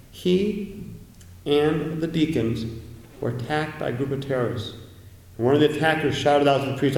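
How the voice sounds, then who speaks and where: A priest preaching a sermon, emphatic and repeating key phrases for stress. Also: male voice, on the high side, gravelly, darkish tone. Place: large echoey church. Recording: echoey church from far off.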